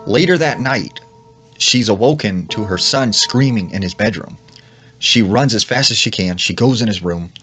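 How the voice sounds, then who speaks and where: A man's voice: lowish voice, lively intonation, moderate pace, a bit bright, breathy edge, soft background music. A man casually retelling a creepy story, full of "like" and quoted lines. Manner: retells with lots of "like" and acted quotes. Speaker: storyteller in clip.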